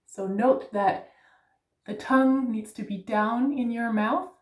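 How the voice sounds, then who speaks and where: A woman's voice: a little high, slow, a little mellow, reverberant, distant mic. A woman teaching Danish pronunciation, patiently spelling out letters and checking in with "yeah?". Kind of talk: pronunciation lesson.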